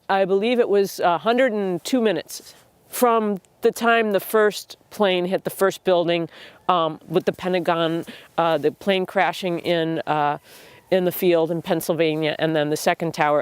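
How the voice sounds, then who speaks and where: A woman hosting a wellness talk, speaking earnestly and reflectively to camera with pauses and restarts, audibly emotional. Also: lowish voice, clear, resonant tone, no echo. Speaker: host.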